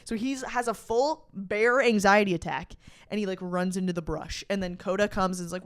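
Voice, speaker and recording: A woman's voice: mid-range voice, steady tone, normal speed, clean tone, no room sound. A young adult woman hosting a podcast, retelling a story in casual, profane, slang-filled chat with dramatic emphasis. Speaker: podcast host.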